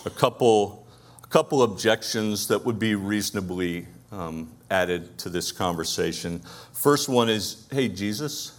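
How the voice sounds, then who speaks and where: A man's voice: fairly low pitch, measured pace. A man with a Brooklyn accent preaching a conversational sermon, asking his listeners rhetorical questions. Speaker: pastor.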